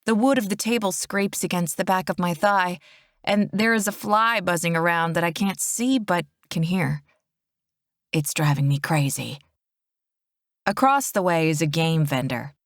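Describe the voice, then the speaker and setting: A woman narrates a first-person romance audiobook in a steady, intimate way. Her voice sits on the low side, and the close mic gives a dry, roomless sound. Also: dry recording.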